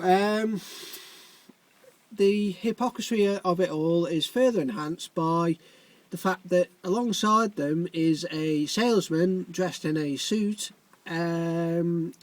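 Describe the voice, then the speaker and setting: A man delivering a wry, wordy comic monologue, dry and deadpan, with lots of ums. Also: sits high, no echo. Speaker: comedic commentator.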